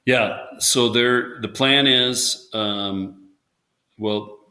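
A man's voice: medium pitch, fairly even intonation, very slow, pushed and bright. A man, a former volleyball coach, chatting casually in an interview and telling rambling stories with lots of restarts. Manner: rambling storyteller, many restarts, acts out quotes.

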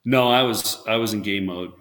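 A man's voice: on the low side, normal speed, fairly bright tone. A man, a former volleyball coach, chatting casually in an interview and telling rambling stories with lots of restarts. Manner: rambling storyteller, many restarts, acts out quotes.

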